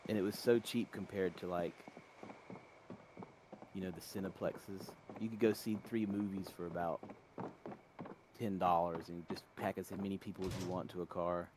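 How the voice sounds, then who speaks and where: A low-pitched man from North Carolina chats on a stream. He drifts from story to story, correcting himself as he goes, with faint clicking behind his voice. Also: little pitch movement, normal speed, long pauses, noisy background. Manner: rambling, tangent-prone storytelling. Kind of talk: casual chat.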